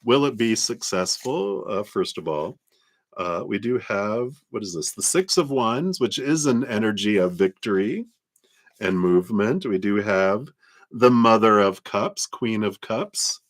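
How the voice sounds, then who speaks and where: Low-voiced man giving a tarot reading. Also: lively intonation, a little slow. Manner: gentle, reflective, laughs often. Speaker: tarot reader. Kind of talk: live-stream tarot reading.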